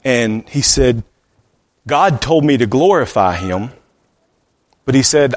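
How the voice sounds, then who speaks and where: A man preaching a sermon, telling a story in an earnest voice that sometimes sinks to a soft hush. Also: medium pitch, lively intonation, slow pace, long pauses. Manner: earnest, drops to a soft hushed voice at times.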